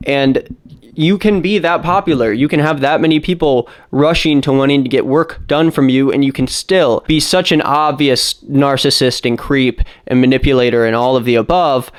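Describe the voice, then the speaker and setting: Guy ranting about someone online, smooth clear voice, blunt and fed up. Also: medium pitch. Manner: blunt, indignant critique. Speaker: commentary YouTuber. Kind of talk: casual commentary.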